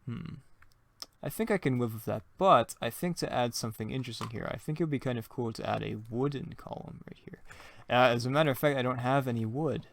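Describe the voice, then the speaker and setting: A young man with a medium-pitched voice and vocal fry talks a little fast on his own gaming channel. His casual let's-play commentary has him thinking aloud as he plays, cracking self-mocking jokes and drifting into plenty of rambling asides.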